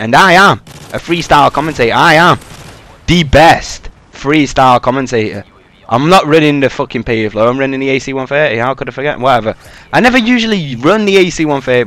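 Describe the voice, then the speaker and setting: A man's voice: mid-range voice, fairly bright tone. A young man giving casual, rambling freestyle commentary over his own gameplay, swearing and using lots of fillers. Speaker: gaming commentator.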